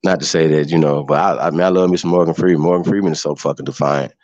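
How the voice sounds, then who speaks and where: A man's voice: rumbling low, steady tone, fast, darkish tone, dull audio. A man hosting a casual livestream, mocking and profane, laughing often. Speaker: host.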